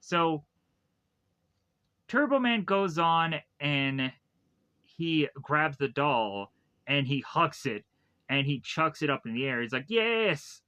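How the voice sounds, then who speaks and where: A man's voice: on the high side, animated, slow pace, long pauses, bright, forceful tone, clean tone. A man reviewing a movie, casually retelling the plot in a rambling way with lots of repeated phrases. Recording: dull lo-fi dry recording.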